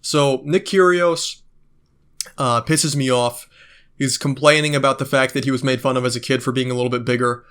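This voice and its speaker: A man's voice: medium pitch, fairly even intonation, moderate pace, a bit bright, smooth. A man vlogging in a casual monologue, ranting with swearing and lots of fillers. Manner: ranting, profane, many fillers.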